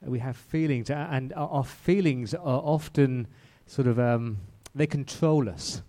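A man's voice: medium pitch, unhurried, warm tone. A man preaching a sermon in a church, who speaks conversationally and often repeats and restarts his words. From outside Australia.

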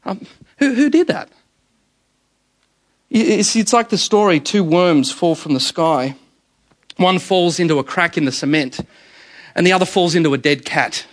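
Delivering a sermon, this middle-aged pastor tells stories energetically, repeats words frequently and keeps calling the congregation "guys." He speaks in a high voice at a moderate pace, pausing often.

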